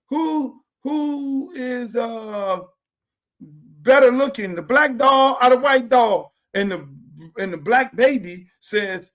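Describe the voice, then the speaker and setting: A man in his sixties with a very high-pitched voice and lively intonation speaks slowly, his sound a bit bright. He's a podcast host delivering a casual monologue from a home theater room, impassioned and preachy, repeating himself and swearing freely.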